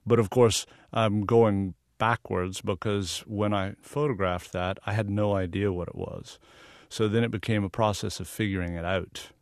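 Low-voiced man from the South. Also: fairly even intonation, normal speed, dry recording, studio quality. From American South. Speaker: guest photographer. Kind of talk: radio interview.

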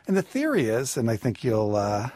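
A man on a radio call-in show, giving personal finance advice in a measured, explanatory way. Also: medium pitch, wildly swooping pitch, darkish tone, no room sound. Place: radio studio.

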